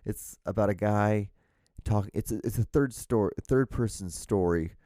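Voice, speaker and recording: Speaking at a moderate pace in a mellow, fairly low voice, a man hosts a casual solo podcast from a small home room. The podcast-mic recording is dry and studio-clean, while his talk wanders, breaks off, restarts frequently, and includes occasional swearing.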